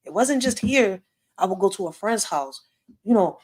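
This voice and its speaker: Her voice sits a little high with a darkish tone, and she moves at a moderate pace. As host of a laid-back live story time, she talks straight to her viewers in profane street slang, repeating "yo" and "like" constantly.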